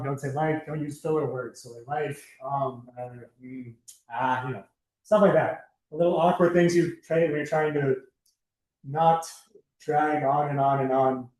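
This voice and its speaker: A man's voice: on the high side, a little mellow. A young man giving a casual, chatty presentation to a student club, loose and full of fillers and asides. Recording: echoey room.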